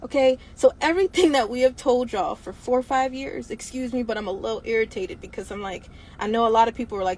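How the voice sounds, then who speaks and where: Woman livestreaming, fairly high voice, blunt and emphatic, stacks rhetorical questions, swears freely. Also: fast talker, poor audio. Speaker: livestream host. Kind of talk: impassioned livestream monologue.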